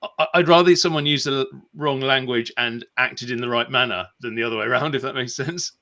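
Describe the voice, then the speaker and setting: A man's voice: medium pitch, fairly quick, sharp tone. A man hosting a podcast interview, thoughtful and asking easy open questions. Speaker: podcast host. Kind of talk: casual interview chat.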